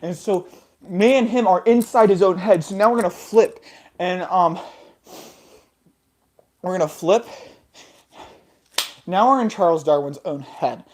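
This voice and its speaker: A woman's voice: lowish voice, measured pace, pauses often, darkish tone. Rambling, giggly woman telling a story. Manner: rambling and giggly, with silly sound effects. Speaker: host. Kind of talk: improvised comic storytelling.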